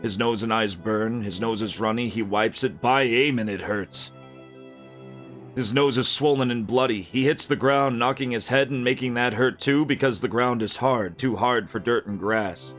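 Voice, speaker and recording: Man, storyteller, gritty fantasy reading, mid pitch, faint background music. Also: moderate pace, a bit bright.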